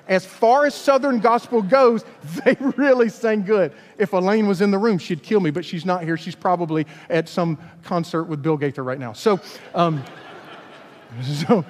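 Pastor guy in his 40s, really high voice, joking around telling a story, hall echo. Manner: humorous, self-deprecating storytelling. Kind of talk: storytelling sermon.

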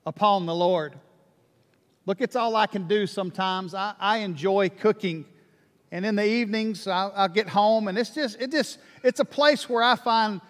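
High-voiced preacher in a reverberant hall. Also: male voice. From Alabama. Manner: animated, repeats words, acts out prayers. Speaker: pastor. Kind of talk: sermon. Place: church sanctuary. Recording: long reverb of a church hall.

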